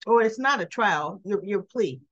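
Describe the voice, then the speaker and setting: A woman giving a casual recap of a soap episode, retelling scenes with lively asides and slipping into the characters' lines. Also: medium pitch, normal speed, no echo, lo-fi sound. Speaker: soap opera recap vlogger.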